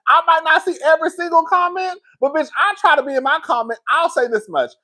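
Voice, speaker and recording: A woman talking casually to her viewers on a live stream, reading their comments and getting loud and excited when she is worked up. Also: fast talker. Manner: animated, swings high and loud when worked up.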